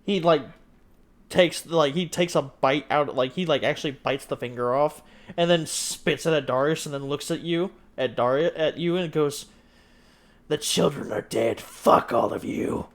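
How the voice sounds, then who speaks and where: A man playing a tabletop role-playing game, excitedly describing what happens with lots of fillers. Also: on the high side, normal speed. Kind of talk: narrating tabletop role-play.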